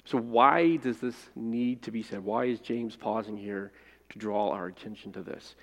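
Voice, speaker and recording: A man preaching a sermon as pastor, reading scripture and praying, rising to loud emphasis and dropping to hushed phrase endings. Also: medium pitch, expressive, normal speed. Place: church sanctuary. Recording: long reverb of a large hall.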